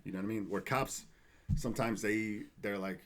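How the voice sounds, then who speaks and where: A man who works as a firefighter, chatting casually on a podcast, swearing a lot and telling animated stories with acted-out quotes. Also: on the low side, normal speed.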